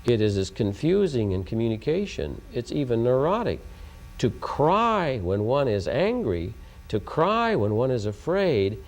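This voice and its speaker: The lecturer is an Oklahoma man whose voice runs on the low side, creaky and somewhat dark in tone. On tape he delivers an educational talk about communication, hammering his points with repetition and rhetorical questions. He's from Oklahoma, USA.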